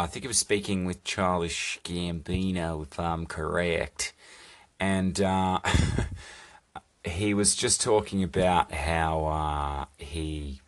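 Young male podcaster, very low voice, profane rambling solo chat. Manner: rambling, profane, jokey asides. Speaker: podcast host. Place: recording alone on a phone. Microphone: phone.

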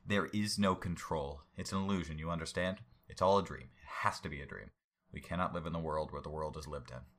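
A man's voice: a bass voice, brisk, a bit bright, full character voice. A man voicing an unhinged, grandiose male villain who rants and philosophizes manically while reading a story aloud. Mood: raving.

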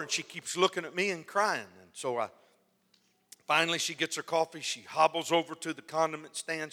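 A man preaching a sermon, telling a story with lively delivery and acting out the lines of the people in it. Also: fairly high pitch. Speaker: pastor. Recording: long hall reverb.

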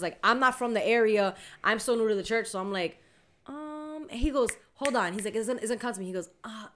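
A woman tells a story on a casual podcast, her voice bright and a little high. She is animated and laughs easily. She keeps slipping into the voices of the people she is quoting. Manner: animated, laughing, acts out dialogue. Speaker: podcast co-host.

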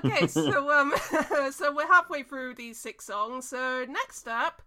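Bright, lively high-voiced woman host. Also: slow pace. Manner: cheerful, giggly, leads the scoring. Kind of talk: casual review chat.

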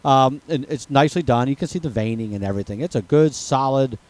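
A man co-hosting a podcast, pitching a product in a lively, salesman-like way. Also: fast talker. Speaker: podcast co-host. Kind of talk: casual podcast chat.

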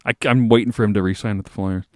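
A man's voice: lowish voice, steady tone, fast talker, darkish tone. A man co-hosting a podcast, griping about sports with profane, sardonic humor. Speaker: podcast co-host. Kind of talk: casual sports chat.

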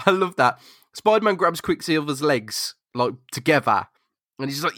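A man's voice: a little high, sing-song, moderate pace, a bit bright, no echo, clean studio sound. A man co-hosting a comic book podcast, swearing and laughing as he chats. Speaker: podcast co-host. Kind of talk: casual comic book chat.

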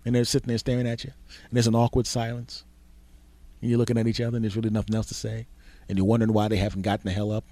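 A man's voice: lowish voice, little pitch movement, very fast, dark tone, no room sound. Man ranting in a crude comedy monologue. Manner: rambling, crude, exaggerated storytelling. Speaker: podcast host.

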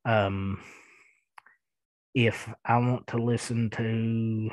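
A man's voice: on the low side, little pitch movement, no echo. A man in his thirties with a thick Eastern Kentucky accent, hosting a podcast and answering listener emails in a rambling, chuckling way. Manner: chuckling, rambling, halting with fillers. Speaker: podcast host. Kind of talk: casual listener-mail chat.

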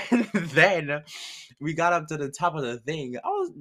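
A young man casually telling a personal story, animated, laughing often and swearing freely. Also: fairly high pitch, moderate pace. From outside the United States.

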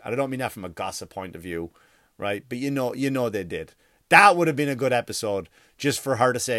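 A man's voice: medium pitch, a bit bright, dry recording. Profane ranting man, dry sound. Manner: profane, mocking, rapid-fire. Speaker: commentator. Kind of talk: profane comedic rant.

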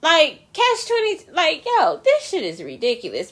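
A woman's voice: sits high, wildly swooping pitch, normal speed, fairly bright tone. A woman hosting her own podcast, delivering a profane, incredulous solo rant full of emphatic repetition. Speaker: podcast host.

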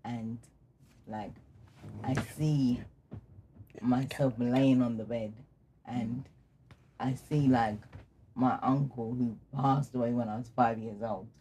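A young man recounts his own story in a loose, candid way, even pitch and steady delivery. He laughs easily through dark memories. A faint hiss of noise sits behind him. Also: slow pace, long pauses. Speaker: guest telling his story. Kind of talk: casual personal storytelling.

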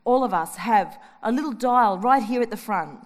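A middle-aged woman preaching a sermon in a lively, conversational way, full of personal stories and asides to her listeners. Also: a little high, normal speed.

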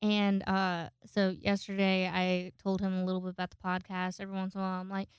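A woman's voice: medium pitch, monotone, fairly quick, smooth, no room sound, clean studio sound. A woman hosting a podcast in casual solo chat. She rambles, swears freely and acts out the people she quotes. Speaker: podcast host.

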